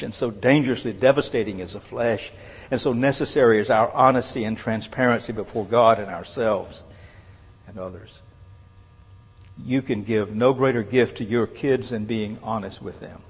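A man preaching a sermon, earnest and measured, letting his phrases fall away softly at the end. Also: fairly low pitch, husky. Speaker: pastor. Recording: long reverb of a large hall.

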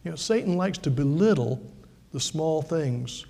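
An older man, a pastor, preaches from a church pulpit in a relaxed, folksy style, adding asides and rhetorical questions. His voice is a little high and warm, with lively intonation, vocal fry and a measured pace. The long reverb of a large hall surrounds him.

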